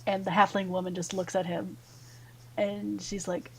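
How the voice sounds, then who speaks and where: A woman narrating a tabletop fantasy game as game master, relaxed with many fillers. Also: mid-range voice, moderate pace, creaky, slight background noise, rough recording.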